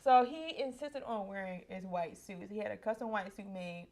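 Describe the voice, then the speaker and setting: A woman's voice: mid-range voice, normal speed, darkish tone. A woman in her thirties chatting casually with her husband as they look back on their wedding, talkative and affectionate, sometimes getting emotional. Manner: chatty, affectionate, emotional at times, frequent laughs. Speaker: co-host of a couple's channel. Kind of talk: casual reminiscing chat.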